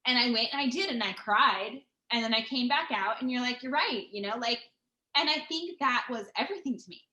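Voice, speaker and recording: Woman, bright tense voice, rambling and sweary storyteller, room echo on the mic. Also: a little high, expressive, fairly quick, dull audio. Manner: rambling, profane, many fillers and restarts. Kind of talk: casual storytelling chat. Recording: roomy echo.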